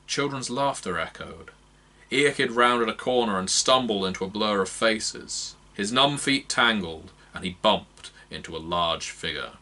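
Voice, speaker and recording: Reading from a fantasy novel, a man narrates in a measured yet expressive way. He's an audiobook narrator with a fairly low voice, delivering scripted narration.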